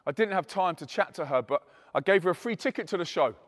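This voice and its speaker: Animated man telling a story in a reverberant hall. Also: high voice, quick pace. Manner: animated, emphatic, acts out quoted dialogue. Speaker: Christian youth speaker and musician. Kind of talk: dramatic storytelling testimony to an audience.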